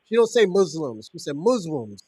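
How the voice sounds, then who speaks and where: A man's voice: sits high, expressive, moderate pace, no echo, studio quality. A male host in casual chat, loose and joking, laughing often and using street slang.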